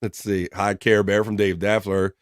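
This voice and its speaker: A man's voice: on the low side, flat delivery, moderate pace, background noise. Upbeat man reading out viewer chat. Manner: upbeat, greets viewers by name. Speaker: live stream host. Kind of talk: casual chat, reading viewer comments aloud.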